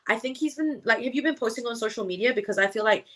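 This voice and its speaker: A woman's voice: a little high, quick pace, pushed and bright. A young woman reading tarot on a live stream, chatting casually and slangily with viewers and swearing now and then.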